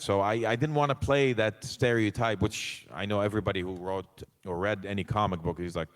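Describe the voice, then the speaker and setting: A man telling lively stories as a guest on a convention panel, acting out the voices of the people he quotes and swearing casually. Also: fairly low pitch, quick pace, few pauses. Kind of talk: animated storytelling. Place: convention hall stage. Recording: long hall reverb.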